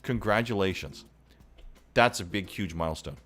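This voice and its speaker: A man's voice: sits low, normal speed, fairly bright tone, soft background music. A man hosting a casual live entertainment stream, upbeat and chatty as he greets viewers by name. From Hawaii.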